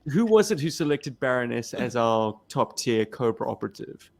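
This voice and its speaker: A man's voice: mid-range voice, very animated, normal speed, gravelly, darkish tone. A South African man co-hosting a podcast, jokey and teasing as he steers the chat. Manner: jokey and teasing, leads the discussion. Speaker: podcast co-host. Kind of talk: casual chat.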